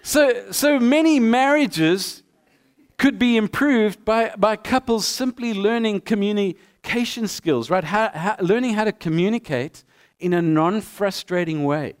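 A man preaches a sermon in a high voice. His tone is clear and smooth. He acts out little dialogues with animated energy. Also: measured pace. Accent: non-local accent. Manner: animated preaching, acting out both sides of a dialogue. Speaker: pastor.

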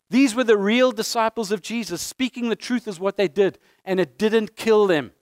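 A man's voice: high voice, moderate pace, no room sound, studio quality. A man preaching a sermon as a pastor, earnest and heartfelt, repeating key phrases for emphasis.

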